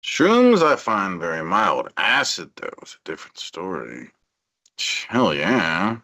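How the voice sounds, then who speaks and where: Slow, drowsy man rambling on stream. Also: sits low, wildly swooping pitch, sharp tone, no room sound, clean studio sound. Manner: drowsy, meandering, trailing off; drinking beer on stream. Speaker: livestreamer.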